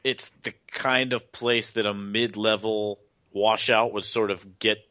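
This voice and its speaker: A man with a fairly low voice adds relaxed comments to the chat. His mic sounds dry and muffled, like a lo-fi recording. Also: measured pace, dry recording. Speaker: podcast co-host. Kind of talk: casual chat.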